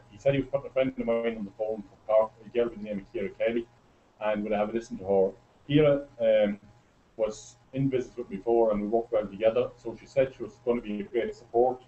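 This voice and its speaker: Excitable Irish man addressing a room. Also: medium pitch. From Ireland. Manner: excitable, chatty, storytelling. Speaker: presenter at a business meeting. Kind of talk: speech to a live audience. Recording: muffled lo-fi recording.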